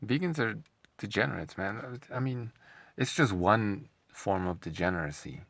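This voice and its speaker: A man's voice: on the low side, animated, normal speed, fairly bright tone, no room sound. A man hosting an opinionated commentary monologue, sarcastic and scornful, often rambling and repeating himself. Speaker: commentary channel host.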